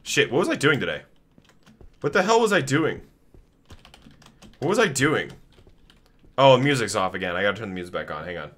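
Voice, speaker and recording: Male streamer, bright, forceful voice, animated and foul-mouthed while he plays. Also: medium pitch, fairly quick, pauses often. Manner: animated, swears a lot, talks to game characters. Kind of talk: live gaming commentary.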